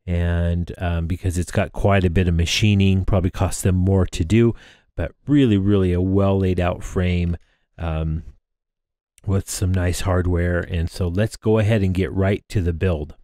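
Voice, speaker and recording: A man's voice: deep voice, steady tone, measured pace, dark tone, no echo, studio quality. A man in his thirties talking casually through a drone frame build, rambling with plenty of fillers and restarts. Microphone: close microphone in front of him.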